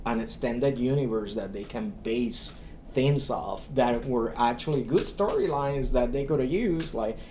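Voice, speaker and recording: A man's voice: mid-range voice, unhurried, slight background noise. A man in a casual podcast chat, talking loosely with many fillers. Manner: relaxed, rambling, with many fillers.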